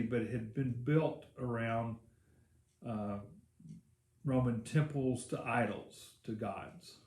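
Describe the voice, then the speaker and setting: Man, pastor, low voice, casual sermon, rambling with fillers, echoey church. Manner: casual storytelling preacher with many fillers.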